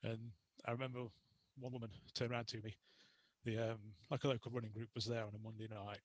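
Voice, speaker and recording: A man's voice: mid-range voice, little pitch movement, fast talker, rough recording. A young adult man chatting as a podcast guest, telling casual stories and laughing often. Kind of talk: casual interview chat.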